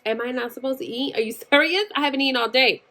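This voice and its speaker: A young woman tells a story in a casual, rambling way. Her voice sits a little high, and her talk is full of fillers and exasperated asides. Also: fast talker, pushed and bright.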